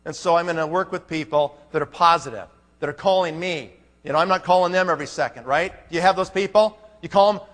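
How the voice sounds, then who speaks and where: Long hall reverb surrounds a conference speaker whose fairly bright voice sits high and runs a little fast. He pushes an emphatic motivational message, peppering the crowd with rhetorical questions.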